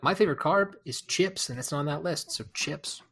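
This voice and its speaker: A man hosting a podcast, reading out quick-fire questions and answering them himself, often hesitating and rambling with fillers. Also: fairly high pitch, gravelly, a bit bright, breathy edge. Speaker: podcast host.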